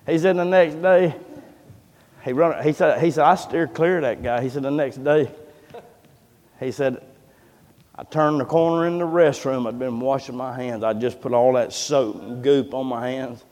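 A man preaches a sermon built around a long story, acting out the voices of the people in it like a folksy storyteller. His voice is medium-pitched with a darkish tone and a moderate pace, and a long hall reverb surrounds it.

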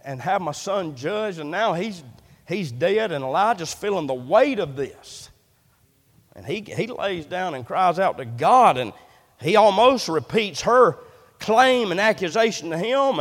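A male pastor preaching a sermon in a church, impassioned, repeating words and swinging between loud and soft. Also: high-pitched. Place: church sanctuary. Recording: long hall reverb.

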